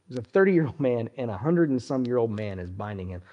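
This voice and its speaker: A male pastor preaching a sermon, speaking deliberately and addressing his listeners directly, with his voice often sinking low at the ends of phrases. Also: lively intonation, dull audio.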